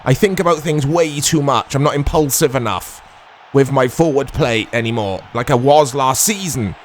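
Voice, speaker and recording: A man in his thirties casually commentating his own football video game, chatty and quick to get excited. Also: medium pitch, a little hiss or hum. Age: 30s. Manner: chatty, easily excitable, self-deprecating. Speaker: gaming YouTuber.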